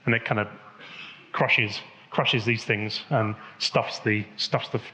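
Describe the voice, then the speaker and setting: A man's voice: lowish voice, steady tone, takes it slowly, sharp tone, slight background noise. A man giving a technical conference talk, rambling with many restarts and fillers. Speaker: conference speaker. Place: conference hall.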